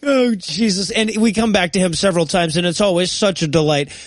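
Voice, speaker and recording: A man's voice: sits high, fairly quick, dry recording. A man co-hosting a comedy podcast, giving wry, mocking commentary in casual banter.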